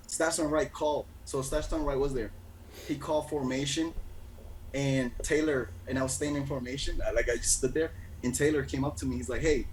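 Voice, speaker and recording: A man's voice: mid-range voice, slight background noise, poor audio. A man who served as a Navy corpsman, a guest on a podcast, telling stories with lots of laughter. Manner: animated storyteller, laughs often. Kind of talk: casual podcast chat.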